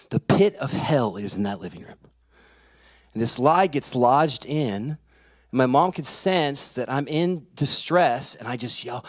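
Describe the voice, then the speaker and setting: Animated man preaching through a story. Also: medium pitch. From California. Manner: animated storyteller acting out voices. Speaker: pastor. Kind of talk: sermon storytelling. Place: church sanctuary.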